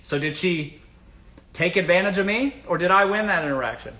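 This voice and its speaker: A man's voice: high voice, brisk, sharp tone. A man from the American South hosting a casual livestream, giving blunt dating advice, swearing freely and asking the audience rhetorical questions.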